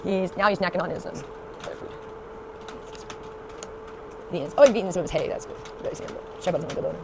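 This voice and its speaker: Woman vlogger rambling super fast to camera, noisy home recording. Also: on the low side, creaky. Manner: rambling, full of fillers and restarts. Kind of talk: casual chat to camera.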